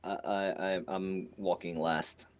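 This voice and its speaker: A man's voice: deep voice, level tone, unhurried, highs cut off, music in the background. A man playing a tabletop game, brash and joking. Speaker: player. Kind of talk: casual tabletop play.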